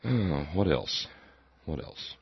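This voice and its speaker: A man's voice: sits low, very animated, takes it slowly, gravelly, husky, no echo, highs cut off. A man hosting a talk show, giving a sarcastic, rambling political monologue and repeating words as he goes.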